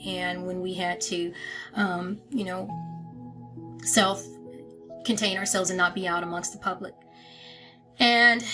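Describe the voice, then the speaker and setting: A woman giving a somber, measured, plain-spoken personal account to her followers. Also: fairly low pitch, low-quality recording. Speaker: family member making an announcement.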